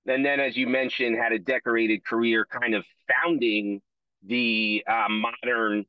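A man's voice: mid-range voice, level tone, measured pace, clear, resonant tone, no room sound, highs cut off. A man co-hosting a podcast, chatting casually and filling in background facts. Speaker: podcast co-host. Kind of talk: podcast interview.

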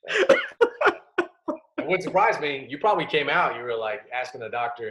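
A man hosting an interview, asking questions and reflecting thoughtfully, with many halting fillers. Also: medium pitch, very animated, bright, forceful tone, slight background noise. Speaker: podcast host and interviewer. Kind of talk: conversational interview. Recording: roomy echoey sound.

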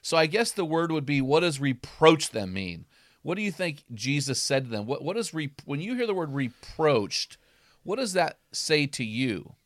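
A man, a former football coach, talking through Bible passages in an animated casual way, acting out quotes with loud bursts. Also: a little high, moderate pace, dry recording, clean studio sound. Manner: emphatic, acts out quotes with sudden loud bursts.

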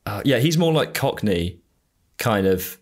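A man's voice: fairly low pitch, lively intonation, unhurried. A man with a southern English accent chatting casually on a podcast, rambling and hesitant with many fillers. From England. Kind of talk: casual chat.

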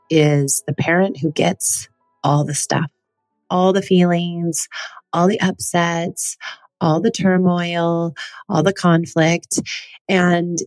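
A middle-aged woman hosts her podcast in a casual, earnest tone, sharing personal stories. Her voice sits low. The recording is dry and close, with no room sound. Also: a little mellow, dry recording. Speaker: podcast host. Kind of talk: casual solo podcast talk.

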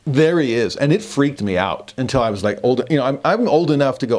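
A man teaching a scripture lesson, an animated storyteller who acts out his own thoughts, then turns earnest and quietly emphatic. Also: mid-range voice, moderate pace, few pauses. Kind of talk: recorded religious lesson.

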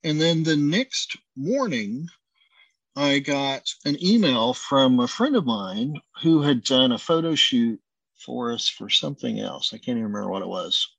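A man's voice: medium pitch, unhurried, vocal fry, husky, no room sound, dull audio. A man, a chef and restaurant owner, telling a long anecdote in a casual interview, acting out bits of the dialogue as he goes. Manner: animated storyteller acting out dialogue.

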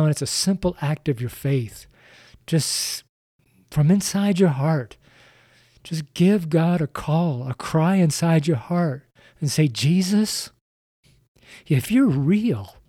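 A man's voice: fairly high pitch, mellow, dry recording, clean studio sound. A man preaching on a podcast, earnest and repetitive, speaking straight to the listener. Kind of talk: evangelistic podcast sermon.

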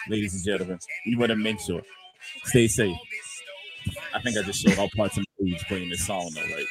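A man's voice: low voice, steady tone, brisk, faint music behind. A man from Georgia co-hosting a casual podcast, joking around and doing a playful mock weather report. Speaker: co-host.

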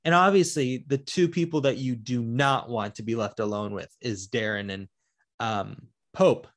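A man's voice: medium pitch, normal speed. A man in a loose podcast chat about a film he has watched. He talks it through animatedly and acts out the characters' lines as he goes. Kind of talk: casual film discussion.

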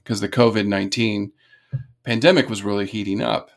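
This American man has a low, gravelly voice with a lot of fry. He tells his story as a guest in an easy, lively way and often breaks into laughter. He sounds relaxed and conversational throughout. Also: a little fast. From California. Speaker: podcast guest. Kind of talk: casual storytelling.

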